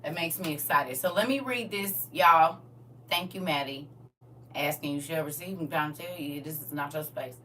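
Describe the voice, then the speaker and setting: A woman's voice: sits low, normal speed, pushed and bright, distant mic, a little hiss or hum. A woman talking casually and candidly to her audience on a live stream, addressing viewers directly.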